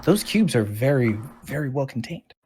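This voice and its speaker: A man's voice: medium pitch, big pitch swings, moderate pace, darkish tone, a little hiss or hum, pitched above the performer's own voice. A man voicing a fussy, fretful, many-armed male creature who keeps specimens, in a tabletop game. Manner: fussy, polite, panics easily.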